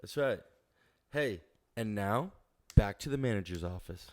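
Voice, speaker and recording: A man's voice: lowish voice, expressive, measured pace, a little mellow. A man co-hosting a comedy podcast, joking and riffing in playful improvised banter. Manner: playful, slips into silly voices. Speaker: podcast co-host.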